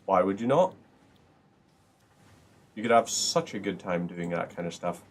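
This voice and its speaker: A man's voice: low voice, expressive, a little slow, a little hiss or hum. A man hosting a gaming video, chatting casually and rambling through upbeat asides while he plays. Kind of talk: casual gameplay commentary.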